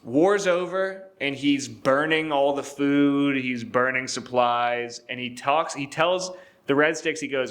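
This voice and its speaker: A man's voice: medium pitch, a little slow, few pauses, a bit bright. A young man co-hosting a podcast, telling history in a loose, profane way, acting out quotes in jokey voices and laughing often. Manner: laughs often, many fillers and restarts. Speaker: podcast co-host. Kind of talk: casual history storytelling.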